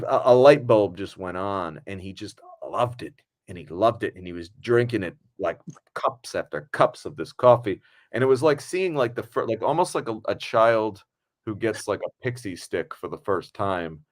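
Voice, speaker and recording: A man hosting a casual podcast, telling animated anecdotes and acting out the quotes. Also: on the low side, normal speed. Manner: animated storyteller, acts out quotes. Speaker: podcast host and film director.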